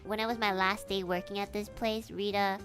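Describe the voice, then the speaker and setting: A young woman from Canada telling a personal story in a casual, animated, emotional way, swearing now and then. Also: mid-range voice, brisk, faint music behind. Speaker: streamer.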